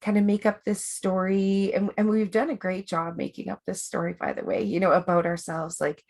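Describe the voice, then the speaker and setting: A woman's voice: on the low side, fairly even intonation, normal speed, a little mellow. A woman life coach hosting a webinar, talking in a chatty, rambling way with many fillers and restarts. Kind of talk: casual coaching talk.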